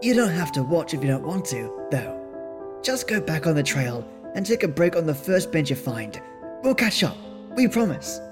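A man voicing a carefree, playful young woman who talks in a high, insistent, girlish way. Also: very animated, moderate pace, music in the background. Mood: sheepish.

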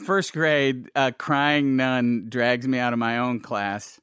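A man's voice: mid-range voice, fairly even intonation, slow pace, a bit bright, clean tone, dry recording, studio quality. A man telling stories in casual chat, rambling with restarts and laughing often.

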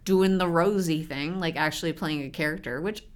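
A woman co-hosting a podcast in casual banter, enthusiastic and animated, laughing easily. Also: deep voice, normal speed. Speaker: podcast co-host.

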